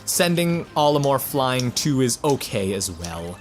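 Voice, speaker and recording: A man's voice: mid-range voice, big pitch swings, a little slow. A young man commenting while he plays a fighting game, rambling, stammering on restarts and correcting himself. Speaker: gaming channel host. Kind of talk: let's play commentary. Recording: game music in the background.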